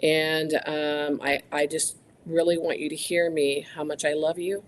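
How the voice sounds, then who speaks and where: A co-presenter speaking haltingly and from the heart, near tears. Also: medium pitch, flat delivery, a little hiss or hum. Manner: halting and heartfelt, many ums and restarts.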